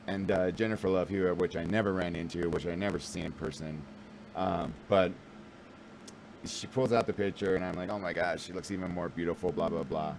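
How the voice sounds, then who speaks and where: A man's voice: low voice, fairly even intonation, brisk, gravelly, a little mellow, a little hiss or hum, low-quality recording. A man in his forties telling a rambling, self-deprecating story to camera, full of fillers and restarts. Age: 40s. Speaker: vlogger and new actor.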